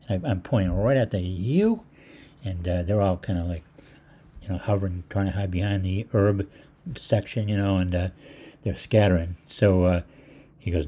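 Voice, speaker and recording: A man's voice: low-pitched, normal speed, warm tone, husky. An older man hosting a live Q&A who tells rambling, anecdotal stories and acts out the people in them. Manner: meandering, full of fillers and restarts, acts out voices. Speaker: holistic practitioner hosting a live Q&A.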